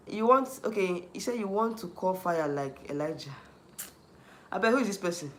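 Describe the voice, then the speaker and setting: Man, Nigerian accent, livestream host, heated rant, repeats and restarts, high voice, echoey room. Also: expressive, moderate pace, bright, forceful tone. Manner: heated, repetitive, restarts often, answers chat. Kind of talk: ranting livestream commentary.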